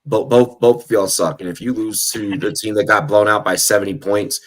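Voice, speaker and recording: A man co-hosting a sports podcast, talking in an animated, casual way with occasional cursing. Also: on the low side, fairly quick.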